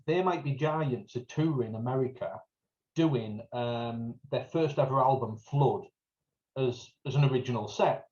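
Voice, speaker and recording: A man's voice: mid-range voice, measured pace, darkish tone. Chatty North East English man, lo-fi. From North East England. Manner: storytelling, jokey, acts out greetings in a raised voice. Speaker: podcast co-host. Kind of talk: casual chat.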